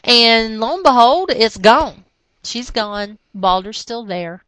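A woman's voice: on the high side, slow, no echo, low-quality recording. A woman co-hosting a podcast, animatedly retelling a comic book story in casual talk. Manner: animated retelling, slips into character voices. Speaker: podcast co-host.

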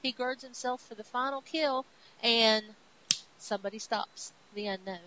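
A woman with a slightly high voice hosts a podcast recapping comic books, speaking at a moderate pace in a chatty storytelling way and acting out the characters as she goes. The recording sounds dull, with a faint hiss.

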